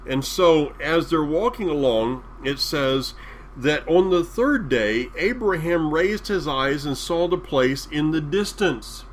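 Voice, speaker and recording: A man with a Southern US accent preaching a sermon, drawing out key phrases with deliberate emphasis. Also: on the high side, animated, a little hiss or hum.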